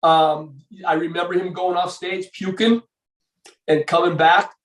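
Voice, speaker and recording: An older man recounting old times as a podcast guest, his voice sitting a little higher than most men's. He rambles, circles back and restarts his sentences often. He sounds set back from the microphone in a roomy, echoing space. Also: level tone, measured pace, distant mic. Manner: rambling, with many fillers and restarts. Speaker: podcast guest, former bodybuilder. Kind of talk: casual storytelling interview.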